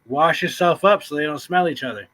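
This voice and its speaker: A man's voice: fairly high pitch, a little fast, fairly bright tone, rough recording. A man hosting a casual livestream chat, laid-back and chuckling often as he greets viewers. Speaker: livestream host.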